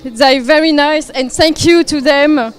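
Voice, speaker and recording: A woman with a very high voice and a strong French accent presents a live podium ceremony. She talks in a chatty, self-deprecating way and trips over the names she reads out. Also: measured pace. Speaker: on-site event presenter.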